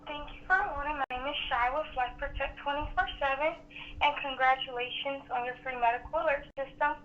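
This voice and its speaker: A woman working as a phone sales agent, giving an effusive, flattering sales pitch. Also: a little fast, recorded from a distance. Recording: tinny phone line with faint noise.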